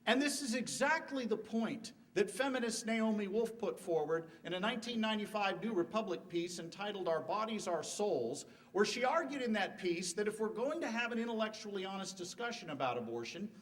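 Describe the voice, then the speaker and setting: A man's voice: high-pitched, expressive, normal speed, hardly any pauses, recorded from a distance. A middle-aged man giving a formal debate speech in a university hall, emphatic, with rhetorical questions and joking asides. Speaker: debate speaker.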